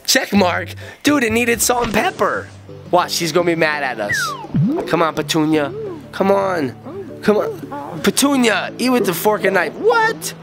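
A middle-aged man hosting a kids' game video, joking excitedly and playfully as he plays alongside his child. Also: sits high, measured pace, music in the background. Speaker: gaming channel host.

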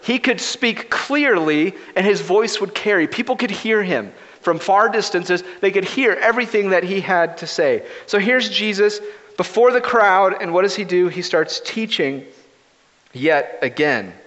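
Pastor with a higher voice in a reverberant hall. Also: male voice, unhurried. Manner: relaxed, anecdotal storytelling. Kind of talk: conversational sermon. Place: church sanctuary. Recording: reverberant, dull lo-fi livestream audio.

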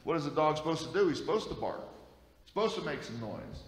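A man's voice: on the high side, big pitch swings, quick pace. A male pastor preaching a sermon in a folksy, conversational way, dropping in frequent amens. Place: church sanctuary. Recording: echoey church hall.

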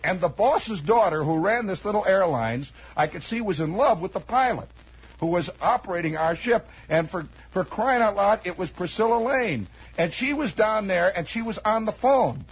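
Heard through a muffled, lo-fi 1960s radio recording, an American man in his forties with a high, raspy voice improvises a wandering studio monologue. His pace is moderate and his manner animated and wry, with asides cropping up constantly.

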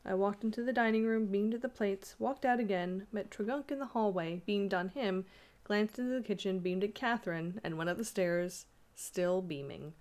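A woman's voice: medium pitch, normal speed, a little mellow. Woman reading a classic story aloud. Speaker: audiobook reader.

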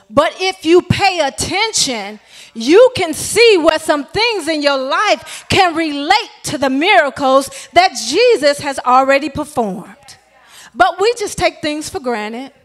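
High-pitched woman elder, preaching a chatty, story-driven sermon in church. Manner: lively, conversational, addresses congregation directly. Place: church sanctuary.

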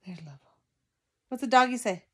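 A woman's voice: fairly high pitch, moderate pace, slightly rough. A young woman filming her toddler at home on a phone, talking to him in coaxing, sing-song baby talk. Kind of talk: home video chat with a baby.

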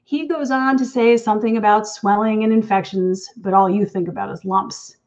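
A woman's voice: medium pitch, steady tone, normal speed, darkish tone, muffled recording. A woman author reading her own story aloud in an intimate, wry second-person voice. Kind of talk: reading fiction aloud at an online event.

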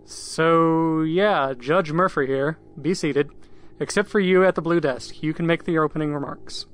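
A man acting as game master in comedic improv role-play, with a deadpan manner. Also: on the high side, unhurried, a little hiss or hum.

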